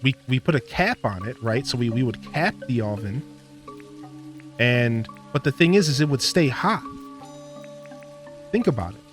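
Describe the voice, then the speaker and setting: A man's voice: medium pitch, lively intonation, normal speed, pauses often, faint music behind. A man streaming a farming game, rambling through a casual story with lots of fillers and laughter. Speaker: gaming streamer. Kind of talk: casual gameplay commentary.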